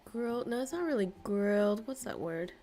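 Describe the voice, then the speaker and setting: A woman's voice: a little high, lively intonation, normal speed, dark tone, faint music behind. A woman from Vietnam with an American-tinged accent, chatting casually as a streamer, blunt and playful, swearing and laughing often. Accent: American-influenced English. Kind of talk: casual chat.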